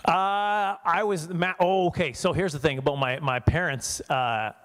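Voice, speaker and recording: A man's voice: on the high side, normal speed, fairly bright tone. A man from Canada performing a stand-up comedy set in a church hall for a small audience, chatty and self-mocking, slipping into voices for characters.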